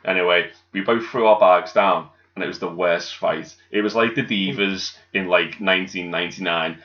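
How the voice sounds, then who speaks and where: A cheeky man with a Merseyside accent spins jokey anecdotes in a low-pitched voice. The recording sounds muffled and lo-fi. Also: moderate pace, a bit bright. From Birkenhead, England. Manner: cheeky, jokey, acts out quotes in a raised voice. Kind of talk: casual storytelling chat. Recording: dull lo-fi sound.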